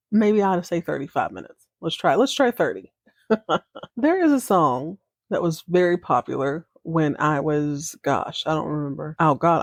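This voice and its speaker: A woman's voice: lowish voice, a little mellow, no echo. A woman hosting a casual podcast, giving a chatty, playful and dramatic retelling full of asides. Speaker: podcast host.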